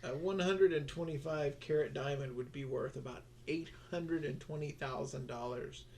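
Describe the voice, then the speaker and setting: A man co-hosting a podcast in casual chat, steady and steering the talk, with dry humor and many fillers. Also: a little high, moderate pace, a little hiss or hum. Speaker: podcast co-host.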